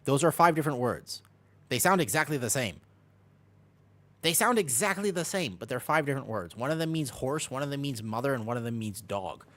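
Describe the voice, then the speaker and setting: A man's voice: mid-range voice, lively intonation, quick pace, fairly bright tone. A young man chatting casually while streaming a game, answering chat, hopping between topics and laughing often. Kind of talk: casual live-stream commentary while gaming.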